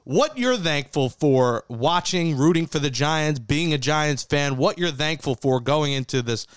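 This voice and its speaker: A man's voice: on the high side, expressive, a little slow, smooth, no echo, clean studio sound. A man hosting a casual sports podcast, chatting and joking with his co-hosts in an easygoing way. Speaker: podcast host.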